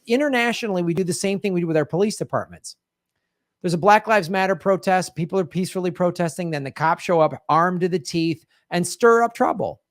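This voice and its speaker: A man's voice: high voice, no echo, clean studio sound. A man hosting a political commentary show, talking emphatically, with many restarts as he reacts to clips. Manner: emphatic, rambling, talks over clips with restarts.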